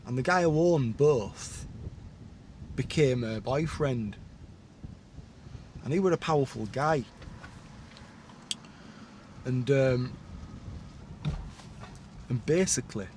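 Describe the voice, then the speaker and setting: A man's voice: medium pitch, slow, pauses often, slight background noise. A man telling his own life story in a candid, rambling monologue, full of blunt asides and tag questions.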